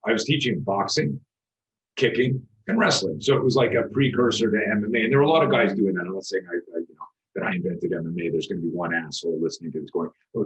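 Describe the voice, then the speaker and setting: A man in his sixties, a podcast guest who teaches self-defense, telling stories in an animated, profane way and acting out the voices of the people in them. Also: deep voice. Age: 60s. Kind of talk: storytelling interview talk. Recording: dull lo-fi recording.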